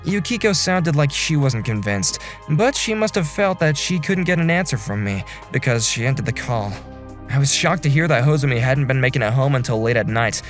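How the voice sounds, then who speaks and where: A young man voicing an earnest office section chief who narrates and talks in a calm, apologetic way in an animated drama. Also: mid-range voice, moderate pace, faint music behind, natural voice. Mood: narrating.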